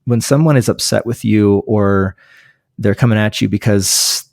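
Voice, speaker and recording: Low-voiced man, rambling book chat. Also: unhurried, creaky, darkish tone, no room sound, clean studio sound. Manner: rambling, many restarts and fillers. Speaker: pastor, podcast guest. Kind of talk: casual book discussion.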